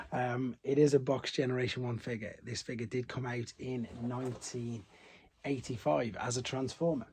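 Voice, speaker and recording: A man's voice: mid-range voice, slightly rough. A man chatting casually about a collector's toy, rambling with many fillers and restarts. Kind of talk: casual unboxing chat.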